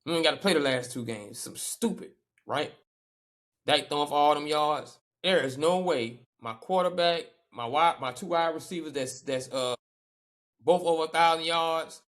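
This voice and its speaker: Emphatic, animated male sports podcaster. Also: a little high, normal speed. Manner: animated, emphatic, repeats phrases for effect. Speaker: podcast co-host. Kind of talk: casual sports chat.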